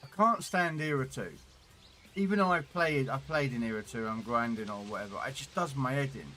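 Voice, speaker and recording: A man's voice: mid-range voice, a little fast, pushed and bright, a little hiss or hum. A man streaming a tank game, chatting casually and rambling as he repeats words while thinking aloud, on a desktop condenser mic. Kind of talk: casual gameplay commentary.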